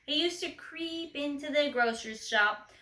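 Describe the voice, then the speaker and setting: Woman, children's storybook reading, expressive, high bright voice, echoey room. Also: measured pace. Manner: expressive, gently asks the listener questions.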